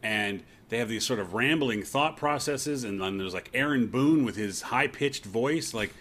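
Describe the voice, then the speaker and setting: A man co-hosting a casual sports podcast, talking in an animated, joking, opinionated way. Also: mid-range voice, moderate pace. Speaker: podcast co-host.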